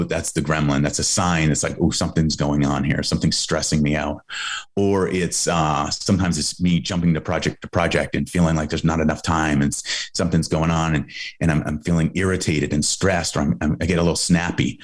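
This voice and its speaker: A middle-aged man, a guest on a podcast, earnestly explaining a coaching idea with frequent restarts. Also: very deep voice. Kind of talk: conversational interview answer.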